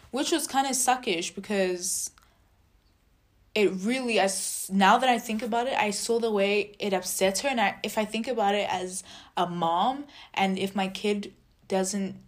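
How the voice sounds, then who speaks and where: A young adult woman telling a personal story in a casual vlog, chatty and animated, acting out quoted dialogue. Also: mid-range voice. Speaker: vlogger.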